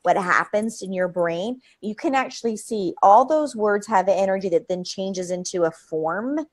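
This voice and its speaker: Woman guest, lively, rambling delivery, interview setting. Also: medium pitch, normal speed. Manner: energetic, rambling, laughs often. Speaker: creativity expert guest. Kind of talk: live interview conversation.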